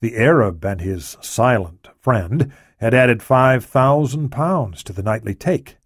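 A man narrating a thriller audiobook in a steady, matter-of-fact way. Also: mid-range voice, slow pace, husky, no echo, studio quality.

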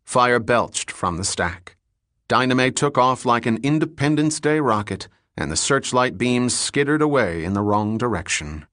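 A man giving steady, vivid scripted narration as an audiobook narrator. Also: mid-range voice, normal speed, no room sound, studio quality.

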